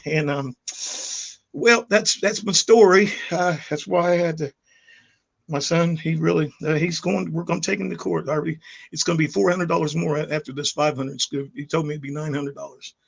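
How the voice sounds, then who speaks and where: A middle-aged man tells his story straight to the camera for his channel, a vlog with no script. His voice is gravelly and sits a little high for a man, and he rambles and restarts, heated as he goes. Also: steady tone, a little fast. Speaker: YouTube vlogger.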